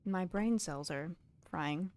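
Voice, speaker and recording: A British woman streaming a game live, chatting casually with viewers and reading in-game books aloud, laughing often and dropping into soft mutters. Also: lowish voice, slow pace.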